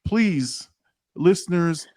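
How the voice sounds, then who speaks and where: A man co-hosting a casual podcast, telling animated stories full of quoted dialogue, with frequent restarts. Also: high voice, drawn-out words. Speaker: podcast co-host, HR professional. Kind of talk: casual chat.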